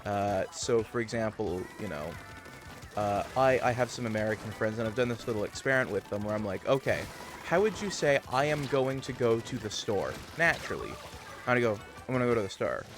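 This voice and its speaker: A man's voice: lowish voice, animated, fairly quick, over music. A man chatting casually with his stream viewers, rambling and thinking aloud as he plays. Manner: chatty, digressive, muses about pronunciation. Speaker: livestream gamer.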